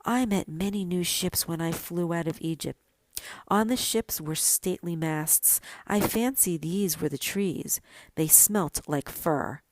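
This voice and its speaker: A woman voicing a wise old male stork who speaks in a slow, measured, knowing way in a storybook reading. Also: lowish voice, dry recording. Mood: thoughtful.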